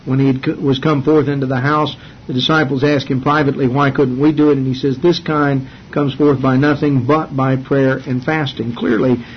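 A man teaching a sermon from the Bible, earnest and halting, with many fillers and restarts. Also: mid-range voice, flat delivery. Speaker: preacher. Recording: dull lo-fi sermon recording with faint hiss.

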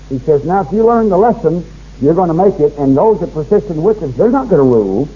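A fervent male preacher delivers a sermon, his voice sitting high and a little husky. He swells with force when reading scripture. It comes through muffled, like an old radio broadcast. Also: sing-song, quick pace.

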